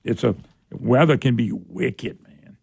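A man's voice: mid-range voice, slow, creaky, darkish tone, slightly rough. A man hosting a talk radio show, rambling in a folksy way and mocking people in put-on voices. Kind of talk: casual talk radio monologue.

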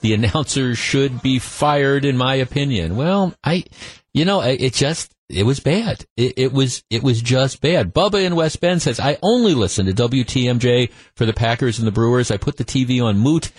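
A man hosting call-in sports radio, venting in an animated, worked-up way and tripping over his words as he restarts sentences. His voice is close and completely dry, with no room sound at all. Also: mid-range voice, moderate pace, breathy edge, dry recording. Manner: animated, exasperated ranting with frequent restarts. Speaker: radio talk show host. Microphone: studio microphone.

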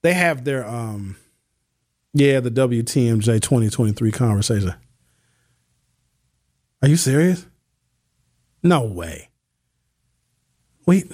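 A man hosting a radio talk show, speaking casually and telling stories in slangy, animated speech. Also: mid-range voice, slow pace, long pauses, no echo, studio quality. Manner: animated storytelling, slangy, reads listener texts. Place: radio studio. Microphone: studio microphone.

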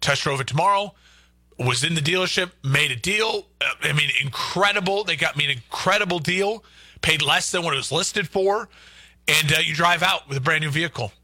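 A man's voice: on the high side, moderate pace, sharp tone, no room sound. A man hosting a local sports talk radio show, arguing his points emphatically and repeating them for stress.

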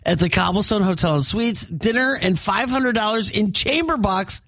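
A woman's voice: medium pitch, lively intonation, normal speed, a bit bright, no room sound. A woman hosting a live morning radio show, chatty and full of fillers. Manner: chatty, many fillers and restarts. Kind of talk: upbeat live radio banter. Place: radio studio.

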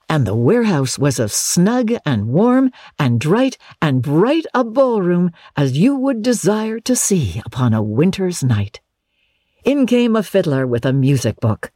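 An audiobook narrator giving a measured, expressive storybook reading in a dry studio booth. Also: medium pitch, husky, dry recording.

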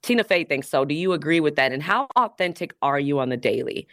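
A woman radio host talks with a fairly low voice and plenty of slangy emphasis. She keeps throwing rhetorical questions at her listeners. The studio sound is close and dry. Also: expressive, quick pace, no echo. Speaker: radio talk show host. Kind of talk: opinionated call-in radio talk. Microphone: studio microphone.

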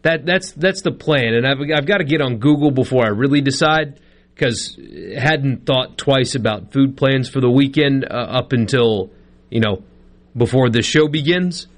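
A male sports radio co-host, rambling through self-mocking stories in loose, casual banter. His voice sits at an ordinary middle pitch. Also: normal speed.

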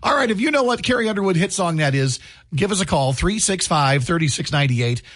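Lively, slightly husky male radio host. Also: sits high, a little fast. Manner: jokey, laughs often, animated delivery. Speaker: radio morning show co-host. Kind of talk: upbeat radio banter. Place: radio studio. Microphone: studio microphone.

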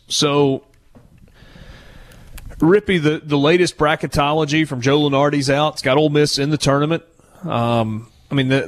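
An easygoing man hosts a sports talk show, speaking at a middle pitch. He rambles loosely through his points, with fillers and restarts. He is calling in from away from the studio. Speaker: sports radio host.

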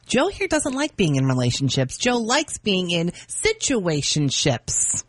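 A woman hosting a morning radio show, teasing and pushing her co-host in a lively banter. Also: fairly low pitch, a little slow. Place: radio studio. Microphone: studio microphone.

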